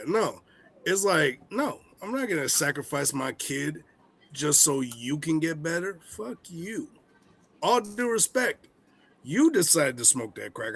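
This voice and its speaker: Animated, profane ranting podcast man. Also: high-pitched. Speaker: podcast co-host. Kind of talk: casual comedic rant.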